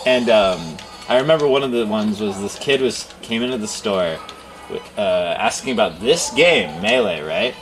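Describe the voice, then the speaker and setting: A game store owner who streams chats casually on a livestream over background music, rambling through stories with laughter and animated quoting. His voice is lowish and his pace measured.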